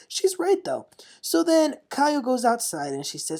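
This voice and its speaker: A woman's voice: a little high, big pitch swings, normal speed, vocal fry, warm tone. A woman hosting a casual reality-TV recap, chatty and opinionated, often laughing as she talks. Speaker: TV recap host.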